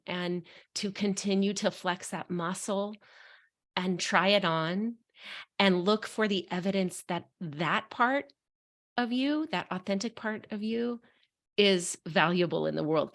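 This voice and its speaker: A woman's voice: fairly low pitch, fairly bright tone. Earnest middle-aged woman telling a personal story. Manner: earnest, frank, openly emotional. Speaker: authenticity coach, guest. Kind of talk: candid personal storytelling in conversation.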